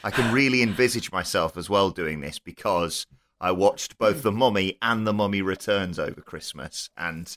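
A man's voice: deep voice, normal speed, a bit bright. A man playing a tabletop game with friends, playful and jokey. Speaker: player. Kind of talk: tabletop role-play chat.

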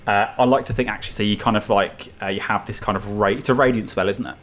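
A man's voice: on the low side, steady tone, quick pace, a bit bright, faint music behind. A man narrating as dungeon master in loose, filler-heavy descriptions. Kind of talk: narrating a tabletop game.

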